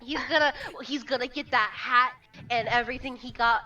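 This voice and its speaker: High, bright woman player describing her character. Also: normal speed, recorded from a distance, lo-fi sound. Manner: giggly, excitable. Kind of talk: playing a tabletop game.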